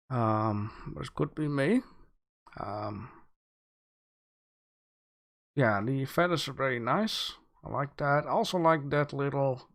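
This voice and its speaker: A man hosting a livestream, giving relaxed art feedback with many fillers, thinking aloud as he goes. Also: mid-range voice. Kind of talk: casual livestream commentary.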